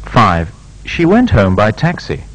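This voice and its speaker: A man reading pronunciation drills as a language lab instructor, in a measured and carefully enunciated way. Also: on the low side, huge pitch swings, fairly bright tone, low-quality recording.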